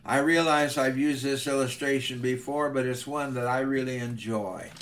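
A male preacher telling an illustration in a sermon, with measured, earnest narration. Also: mid-range voice, a bit bright, slight background noise. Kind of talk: sermon storytelling.

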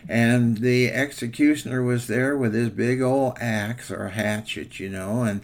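An older man preaching in a homespun, rambling way, pausing on fillers as he tells a story. His voice has a gravelly, creaky edge at a middle pitch. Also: steady tone. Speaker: pastor. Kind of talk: folksy devotional sermon with a told story.

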